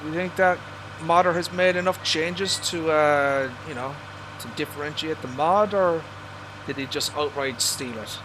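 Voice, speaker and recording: A man's voice: on the high side, normal speed, background noise. An Irish man casually commenting on a farming game he is playing live, rambling through his opinions and swearing at mishaps on screen. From Ireland. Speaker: livestreamer.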